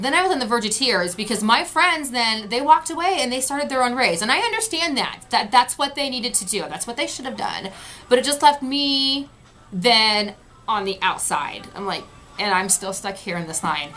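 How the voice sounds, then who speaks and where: This woman has a high, bright, forceful voice. She's a vlogger casually recapping an event, frustrated and quoting what people said.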